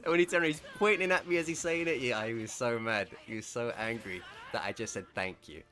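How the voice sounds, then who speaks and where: A man's voice: medium pitch, fast, pushed and bright. Amused man telling a story. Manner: amused, laughing often while telling the story. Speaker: gaming content creator. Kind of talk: casual storytelling over gameplay.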